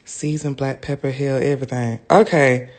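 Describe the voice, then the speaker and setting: A man's voice: medium pitch, fairly even intonation, moderate pace, darkish tone. A man chatting casually to his viewers on a phone livestream, talking straight to them as he goes.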